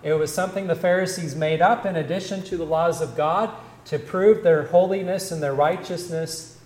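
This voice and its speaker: A male Lutheran pastor preaching a sermon, explaining scripture in a measured, deliberate teaching manner. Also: a little high, steady tone, darkish tone, reverberant, rough recording.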